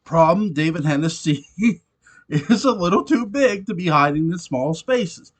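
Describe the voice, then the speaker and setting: A man talking through an old TV episode in a loose, casual review, swearing freely and laughing between his points. His pitch sits a little high for a man and swings widely as he gets worked up. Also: animated, measured pace. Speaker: show reviewer.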